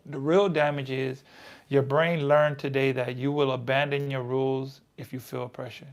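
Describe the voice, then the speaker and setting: His voice is medium-pitched and level, and he talks at a normal speed. The man, from the United States, casually reads out trading advice, responds to it himself, and repeats lines to stress them in reflective self-talk.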